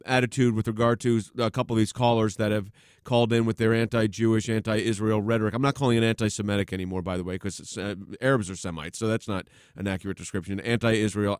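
A man's voice: fairly low pitch, smooth, no room sound, studio quality. A man hosting a talk radio show and taking callers, talking in an emphatic, sometimes sarcastic way.

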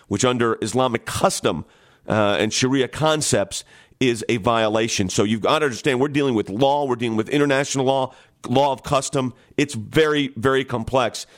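A man hosting a radio call-in talk show, making urgent, emphatic appeals to his listeners. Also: mid-range voice.

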